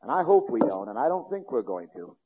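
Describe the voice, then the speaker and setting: A male pastor preaching a fiery sermon, swinging between shouting and low, intense speech, in a church sanctuary. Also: big pitch swings, a little fast, background noise. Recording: dull lo-fi recording with long hall reverb.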